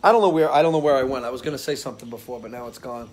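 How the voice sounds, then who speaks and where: A man's voice: medium pitch, very fast, slight background noise. A man hosting a casual live stream from his porch, telling rambling stories and often losing his train of thought. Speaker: live-stream show host. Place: outdoors on a porch under a ceiling fan.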